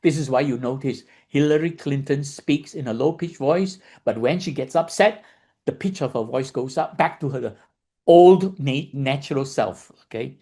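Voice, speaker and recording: A man's voice: mid-range voice, moderate pace, mellow. Man explaining a dharma lesson. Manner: keeps checking in with listeners with "okay?" and "right?"; repeats points and restarts phrases. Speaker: meditation teacher.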